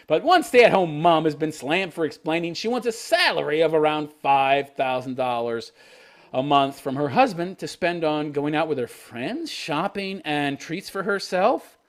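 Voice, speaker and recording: A man's voice: fairly high pitch, fairly bright tone. A man hosting his channel, ranting in profane, scornful commentary. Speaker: channel host.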